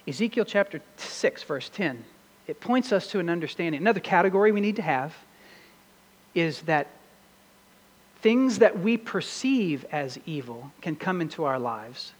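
A man preaching a sermon as pastor, earnest and emphatic, building to swells of intensity. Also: sits high. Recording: long hall reverb.

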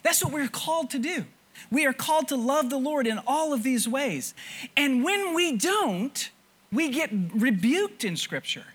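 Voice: high voice, unhurried. A preacher giving a sermon to a congregation, asking them questions and often repeating words as thoughts restart. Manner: animated, stammering restarts, rhetorical questions to the congregation. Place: church before a congregation.

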